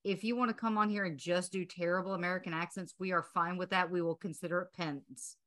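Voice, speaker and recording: A woman's voice: fairly low pitch, fairly even intonation, fast talker, fairly bright tone. A woman podcast host, effusive and thankful in casual chat.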